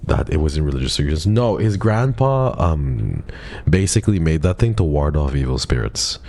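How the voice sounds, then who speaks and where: A man's voice: extremely low pitch, big pitch swings, moderate pace, a little mellow, no echo. A man chatting playfully with viewers while live-streaming a horror game, jumpy and talkative. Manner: playful, jumpy, chatty with viewers, drops to a whisper when scared. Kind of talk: casual live-stream chat while gaming.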